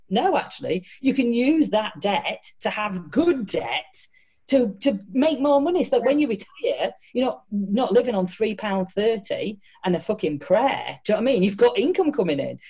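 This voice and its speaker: A middle-aged woman with a Yorkshire accent, a guest in a casual interview, talking frankly, swearing freely and telling animated stories. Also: medium pitch. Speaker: guest entrepreneur.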